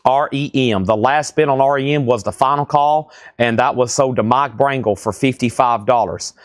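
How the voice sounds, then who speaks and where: A man hosting a live record auction from a store, reading titles off fast and tossing in sarcastic asides. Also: mid-range voice, no echo, clean studio sound. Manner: rapid-fire listing, joking and sarcastic asides. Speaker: live sale host.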